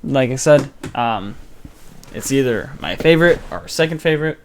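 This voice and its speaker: Young guy on a podcast recapping a movie, rambly and jokey, tosses in silly quick voices. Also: medium pitch, animated, slight background noise. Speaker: podcast co-host. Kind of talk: casual movie recap chat.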